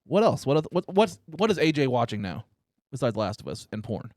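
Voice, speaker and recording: A man hosting a casual podcast, telling crude stories loudly and teasing his guest. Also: medium pitch, very animated, a little fast, dry recording, clean studio sound. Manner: loud, teasing, swears a lot. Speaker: podcast host. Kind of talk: casual chat, crude storytelling. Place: room at home.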